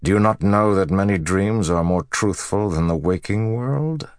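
A man voicing an ancient, arrogant male villain who talks slowly and mockingly. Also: deep voice, dry recording, clean studio sound, pitched above the performer's own voice, lightly acted.

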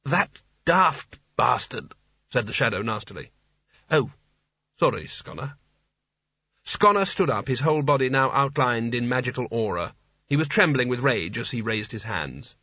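A man narrating a comic fantasy story, his bright, husky voice lively and full of pitch swings. The recording is dry and a bit dull, with no room sound. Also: a little fast, no room sound. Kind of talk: audiobook narration.

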